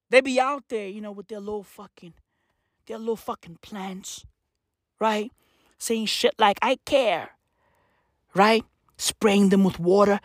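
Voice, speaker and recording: A man's voice: high voice, a little slow, no echo, studio quality. A man from Africa delivering a profane, slang-heavy comedic rant with an emphatic, mocking manner.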